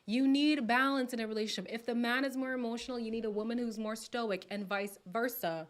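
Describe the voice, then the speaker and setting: A woman hosts a relaxed live stream from home. She chats in a playful, gossipy way, often laughs, and sometimes slips into a whisper. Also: on the high side, brisk. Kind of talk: casual live chat reacting to viewer comments.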